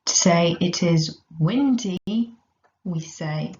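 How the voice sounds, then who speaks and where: Slow, careful woman teacher, echoey. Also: on the low side, darkish tone. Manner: slow, careful, repeats each phrase. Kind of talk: recorded language lesson. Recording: echoey, slightly dull recording.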